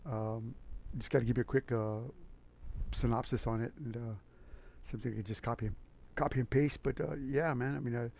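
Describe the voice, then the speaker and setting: A man hosting a sim racing league stream, chatting casually and excitably in a rambling way, calling everyone man and dude. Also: mid-range voice, a little fast, creaky, slight background noise. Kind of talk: casual live-stream race commentary.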